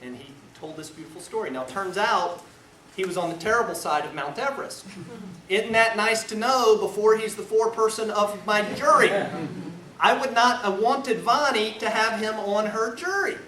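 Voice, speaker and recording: Lawyer-teacher, lively and theatrical, slightly high voice, recorded far off with loud room noise. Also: male voice, normal speed. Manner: animated, acts out scenes, shifts between loud and hushed. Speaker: defense lawyer teaching a seminar. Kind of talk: lecture with storytelling. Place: lecture room. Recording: echoey room, far mic, noisy.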